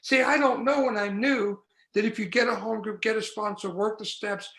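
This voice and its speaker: A man's voice: high-pitched, steady tone, moderate pace, creaky, a bit bright, echoey room. A man speaking at a recovery meeting, telling his story candidly and with self-mockery, using rhythmic repetition and acting out the voices in his head. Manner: acts out inner voices and dialogue.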